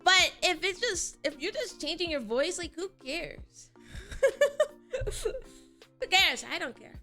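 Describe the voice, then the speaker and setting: High, bright-voiced woman streamer. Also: very animated, takes it slowly, faint music behind. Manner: laughs often, emphatic, answers chat. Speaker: VTuber streamer. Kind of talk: casual live-stream chat.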